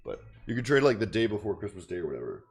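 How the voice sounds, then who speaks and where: A man's voice: lowish voice, very animated, racing, slightly rough. Blunt, rambling man trading live. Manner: blunt, rambling, swears casually. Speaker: day trader streamer. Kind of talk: casual trading talk.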